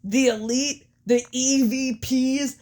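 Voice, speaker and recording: A woman's voice: sits high, fairly even intonation, takes it slowly, darkish tone, voice pushed up. A woman doing an impression of a self-satisfied male wrestler making a peace offer in an exaggerated promo delivery. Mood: smug.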